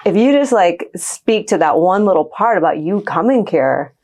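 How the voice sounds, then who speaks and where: A woman's voice: on the low side, lively intonation, moderate pace, a little mellow. A woman co-hosting a podcast, telling stories in a meandering, earnest way. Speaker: podcast co-host. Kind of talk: casual podcast chat.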